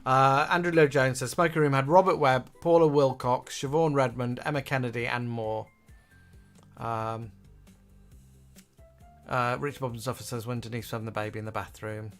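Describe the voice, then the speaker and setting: A man's voice: medium pitch, fairly even intonation, moderate pace, soft background music. Chatty man reading viewer comments. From England. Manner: chatty, reads comments aloud with frequent fillers. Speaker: co-host.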